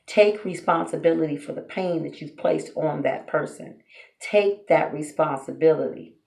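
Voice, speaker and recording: A woman's voice: low-pitched, normal speed, vocal fry, darkish tone. A woman giving blunt relationship advice straight to her viewers, preachy and full of rhetorical questions. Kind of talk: direct-to-camera advice monologue. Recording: roomy echo.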